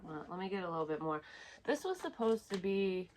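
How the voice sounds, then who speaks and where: Psychic medium, woman, low-ish voice; casual, profane, rambling delivery. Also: big pitch swings, a little fast, background noise. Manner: candid and profane, talks in a rambling flow. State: close to tears at times. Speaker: psychic medium giving a reading. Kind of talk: casual intuitive reading to camera.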